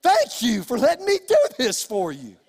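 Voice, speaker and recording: A bright, high, breezy teenage boy, eager and grateful to help with chores, as a preacher puts him on. The voice carries long reverb from a church hall. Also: huge pitch swings, normal speed, slightly rough, heavily acted. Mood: cheerfully eager. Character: cheerful grateful teenage son doing chores.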